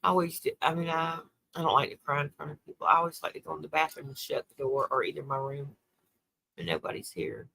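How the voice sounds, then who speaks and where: A woman's voice: low voice, fast talker, creaky, pushed and bright, a little hiss or hum. An older woman, hosting a casual livestream, talking tearfully and answering viewer comments. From South Carolina. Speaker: livestream host.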